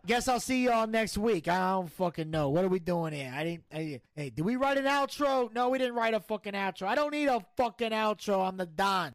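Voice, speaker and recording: A man's voice: high voice, no echo, studio quality. A man putting on a brash, profane mobster boss who rants with swagger and curses constantly. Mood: cocky. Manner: swaggering, cursing, blustery rants.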